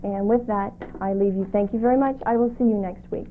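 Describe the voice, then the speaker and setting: A woman reading the local news, weather and lottery numbers in a steady, measured way on a community cable show. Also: mid-range voice, slight background noise. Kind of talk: read local news segment. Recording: tinny lo-fi videotape audio.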